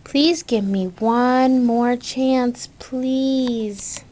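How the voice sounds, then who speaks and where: A woman's voice: a little high, animated, moderate pace, a little hiss or hum, natural voice. A woman voicing a desperate, humble baker as she reads a storybook aloud, with a pleading, anxious manner.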